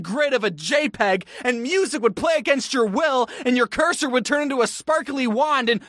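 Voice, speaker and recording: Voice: medium pitch, lively intonation, normal speed, few pauses, a bit bright, dry recording, studio quality. A creator in their twenties narrating a scripted video in a wry, self-mocking way, with playful asides. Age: 20s. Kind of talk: casual scripted commentary.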